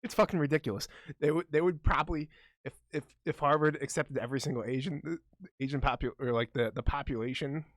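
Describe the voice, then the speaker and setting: A man's voice: on the high side, quick pace, no echo. A young man co-hosting a casual podcast, rambling and swearing freely in a boisterous way. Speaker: podcast co-host.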